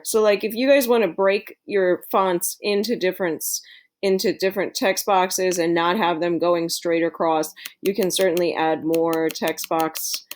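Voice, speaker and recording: A woman's voice: lowish voice, a little mellow. A woman teacher giving a screen-recorded tutorial to her students in a friendly, chatty way, with plenty of fillers.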